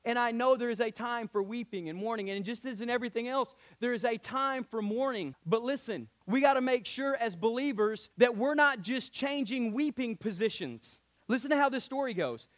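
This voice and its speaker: A man's voice: very high voice, lively intonation, moderate pace. A middle-aged pastor, preaching an emotional, passionate sermon to his church.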